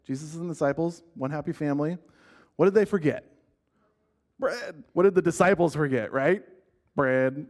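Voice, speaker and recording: A man's voice: a little high, a little mellow. A man teaching an informal church lesson in a casual, conversational way, often asking the group questions and restarting his sentences. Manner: frequent restarts and filler words.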